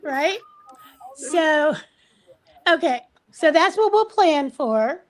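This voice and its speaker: A woman's voice: sits high, expressive, drawn-out words. An older woman hosting a casual live chat stream, chatty and teasing, laughing often.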